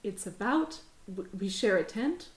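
A woman's voice: medium pitch, lively intonation, unhurried, reverberant. A woman running a tabletop role-playing game, playing a frazzled, flustered leader who swears a lot. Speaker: game master. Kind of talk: tabletop role-play narration and character voice.

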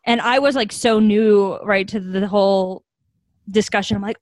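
A woman's voice: mid-range voice, normal speed, no room sound. A young woman, a nonprofit founder from the United States, telling stories earnestly and reflectively in a podcast interview. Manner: earnest, reflective, animated when quoting others.

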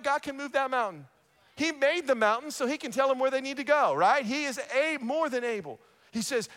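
A man's voice: sits high, fairly bright tone. A man preaching a sermon as a pastor in a church, emphatic, repeating key lines and checking in with the congregation. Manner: emphatic, repeating key phrases and asking the crowd "right?".

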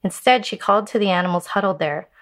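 Woman telling a fable, measured. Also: medium pitch. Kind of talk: storytelling a Buddhist fable.

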